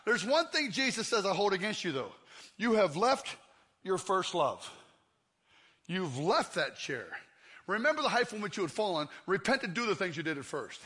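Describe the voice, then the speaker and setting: Bright-voiced high man preaching. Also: sing-song, normal speed, husky. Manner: comic storytelling, acts out scenes. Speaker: pastor. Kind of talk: sermon. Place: church.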